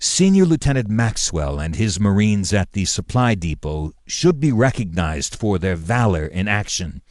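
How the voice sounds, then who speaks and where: A man voicing a formal, indignant male governor who speaks in a measured way with pointed emphasis. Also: lowish voice, big pitch swings, a little mellow, no room sound, studio quality.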